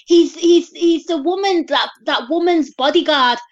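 A woman's voice: very high voice, unhurried, muffled recording. A woman on a panel chatting casually about a film, thinking aloud as she goes.

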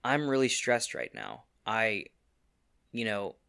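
Man, tabletop player, rambling, unhurried, bright tone. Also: on the low side, wildly swooping pitch, gravelly, clean tone. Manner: unhurried, rambling, laughs at own lines. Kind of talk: tabletop role-play.

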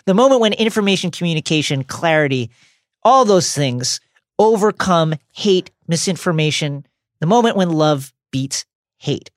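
A woman hosting a book podcast, her fairly low voice swinging widely in pitch as she argues her points with emphatic energy. The sound is close and dry, with no room around it. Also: normal speed, dry recording. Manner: animated, reads book passages aloud with emphatic commentary. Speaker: podcast co-host. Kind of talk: casual book discussion podcast.

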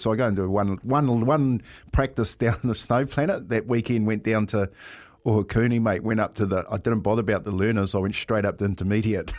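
Laughing New Zealand radio storyteller, man. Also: medium pitch. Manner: laughing storyteller, says "mate" often. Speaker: breakfast radio host.

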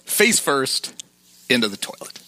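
Bright-voiced male podcast host. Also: medium pitch, sing-song, a little slow. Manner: recounting scenes, quoting lines, chuckling. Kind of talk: casual chat, retelling film scenes.

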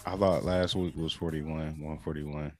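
A man's voice: extremely low pitch, flat delivery, measured pace, darkish tone, faint music behind. A man cohosting a podcast, teasing and profane in casual banter.

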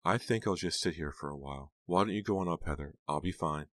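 A man voicing a gentle, grieving older woman in an audiobook, soft and tired. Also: deep voice, fast talker, no echo, natural voice. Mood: weary. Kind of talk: audiobook character voice.

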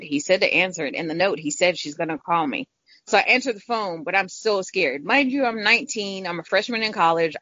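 A woman's voice: medium pitch, no room sound. A woman telling a personal story in casual talk, frank and profane, acting out what people said. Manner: frank, profane, quotes people in lively voices. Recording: dull lo-fi recording.

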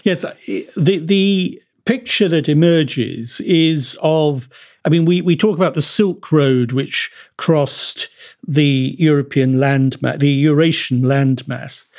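A male historian speaking as a podcast guest, explaining at length in a measured, discursive way with many asides. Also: a little high, a little mellow.

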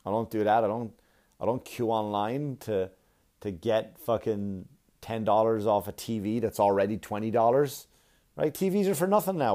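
A man doing a stand-up comedy set, telling stories in a profane, animated way. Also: lowish voice, normal speed. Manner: profane, animated storytelling with exaggerated quoted voices.

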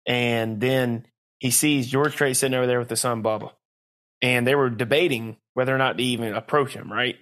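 A man's voice: medium pitch, fairly even intonation, brisk, a bit bright. A man co-hosting a podcast, chatting casually with friends. He tells long rambling stories, circles back to correct himself, and breaks into laughter along the way. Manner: rambling storyteller, laughs often. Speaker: podcast co-host. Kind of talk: casual chat.

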